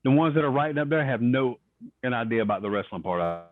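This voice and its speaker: A retired wrestler, appearing as a podcast guest, spins long stories in a relaxed interview and performs the voices of the people he quotes. His medium-pitched voice is expressive and fast, heard over a tinny, phone-like, dry line.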